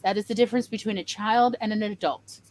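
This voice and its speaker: A woman co-hosting a podcast in casual chat, emphatic and animated. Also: medium pitch, fast talker, slight background noise. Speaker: podcast co-host.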